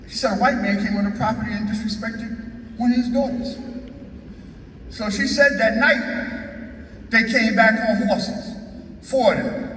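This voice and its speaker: A man's voice: sits high, fairly bright tone. A man giving an emphatic, folksy storytelling speech to an audience. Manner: folksy, emphatic, asks "Okay?". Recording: echoey hall, speaker far from mic, faint noise.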